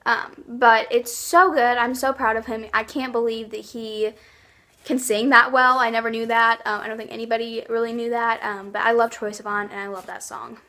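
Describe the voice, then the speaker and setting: A woman's voice: fairly high pitch, little pitch movement, moderate pace, sharp tone. A young woman chatting casually in a vlog, gushing about her favorites with lots of likes and ums. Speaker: YouTube vlogger.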